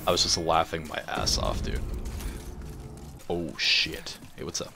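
A man's voice: extremely low pitch, fairly even intonation, unhurried, gravelly, pauses often, sharp tone, slight background noise. A man giving casual gameplay commentary as a streamer, joking and swearing freely. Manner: profane, joking trash talk. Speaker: gaming streamer.

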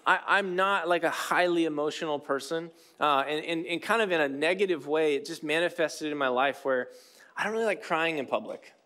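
A man's voice: fairly high pitch, a bit bright. A man in his thirties preaching a sermon in a conversational, self-deprecating way, with many fillers and restarts. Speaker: pastor.

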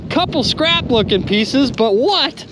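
A man vlogging from a small boat on a river outdoors, talking excitedly to viewers with loud exclamations and lots of "dude" and "you guys". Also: extremely high pitch, slow pace, noisy background. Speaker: magnet fishing vlogger. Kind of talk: excited outdoor vlog commentary.

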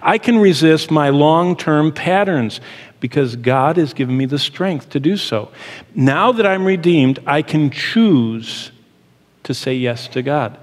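A middle-aged man teaching a sermon in an earnest, emphatic, explanatory way. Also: on the high side. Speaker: Bible teacher. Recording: long hall reverb.

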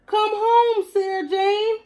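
A woman's voice: steady tone, fairly quick, darkish tone. A woman doing a lonely wailing pet dog. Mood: pleading. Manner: high wailing plea.

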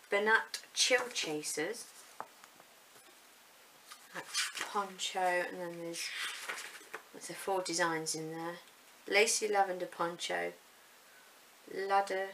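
Woman, 30s, rambling self-deprecating vlog chat, lowish bright voice. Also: a little hiss or hum, low-quality recording. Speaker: vlogger showing yarn. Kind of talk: casual unboxing chat.

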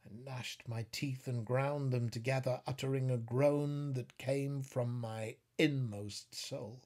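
Grave, slow-reading male narrator. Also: medium pitch, steady tone, a little mellow. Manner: grave, measured, rising to fierce declamation. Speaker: audiobook narrator. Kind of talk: dramatic literary reading.

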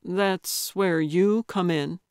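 A woman's voice: on the low side, slow, darkish tone, no room sound, studio quality. A woman voicing an earnest, somewhat hesitant male paramedic in an audiobook. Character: young man, earnest awkward paramedic. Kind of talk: audiobook character voice.

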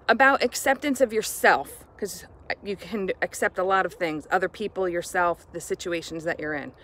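A woman teacher speaking warmly and directly to children in a friendly, encouraging morning message. She talks in a relaxed, chatty way, recorded outdoors on a porch. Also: mid-range voice. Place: outdoors on a home porch by woods.

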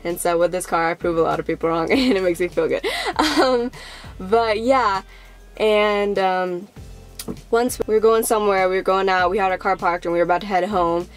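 A woman's voice: mid-range voice, moderate pace, soft background music. A young woman vlogging casually to the camera, rambling with lots of fillers and acting out how people reacted.

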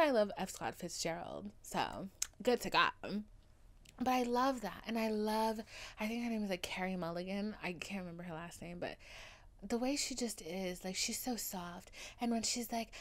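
A woman's voice: medium pitch, lively intonation, normal speed, fairly bright tone. A young adult woman hosting a solo podcast, talking in an overdramatic, gushing and profane way. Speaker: podcast host. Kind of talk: casual solo podcast monologue.

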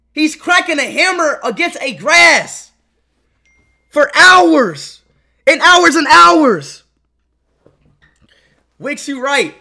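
A young man streaming live, reacting loudly, swearing and breaking into sudden shouts. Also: extremely high pitch, vocal fry. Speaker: livestreamer.

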